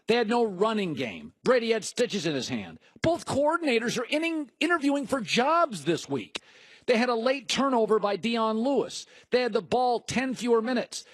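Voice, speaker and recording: A man's voice: very high voice, no room sound. A man hosting a sports talk show, arguing emphatically and mocking the other side as he rattles off lists. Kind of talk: heated sports debate.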